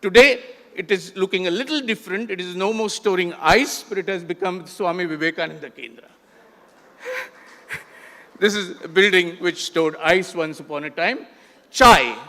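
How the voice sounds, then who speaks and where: A man's voice: high-pitched, normal speed, pushed and bright. An older man with an Indian English accent giving a conversational talk to an audience, with frequent fillers and restarts. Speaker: festival speaker. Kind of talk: illustrated talk with slides. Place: large lecture hall. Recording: echoey hall with long reverb.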